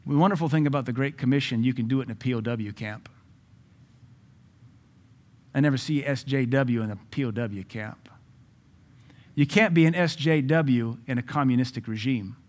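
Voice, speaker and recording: A man preaching a sermon in an emphatic, conversational way, with asides to his listeners and sudden loud rises. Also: medium pitch, moderate pace, long pauses. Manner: jokes and asides to the audience.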